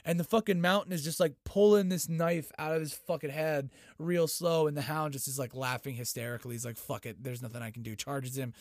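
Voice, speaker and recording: Excitable, foul-mouthed man recapping. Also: a little high, brisk, hardly any pauses, dry recording, studio quality. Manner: excitable, heavy swearing. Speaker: TV episode recapper. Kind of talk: casual profane recap.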